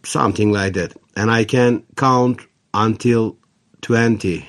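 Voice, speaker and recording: A man's voice: on the low side, steady tone, slow. A man with a Turkish accent hosting a radio show, reading listener letters in chatty, non-native English. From Turkey. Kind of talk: casual on-air letter reading.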